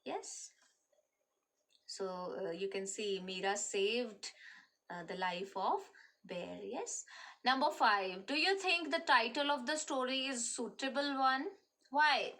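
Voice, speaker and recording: A woman teacher with an Indian English accent, explaining a reading lesson to children slowly, with many fillers. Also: on the high side, sharp tone. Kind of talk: online class lesson.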